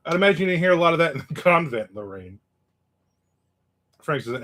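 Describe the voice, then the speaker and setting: A man's voice: fairly high pitch, big pitch swings, brisk, pushed and bright. Male host, 50s, casual livestream chat; rambling, wisecracking, chuckles often.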